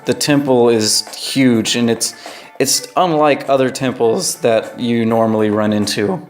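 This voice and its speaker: American guy vlogging travel tips, chatty and loose, keeps saying right, light music under him. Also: mid-range voice. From United States. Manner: loose and conversational, frequent "right?" tags. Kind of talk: casual travel recommendations.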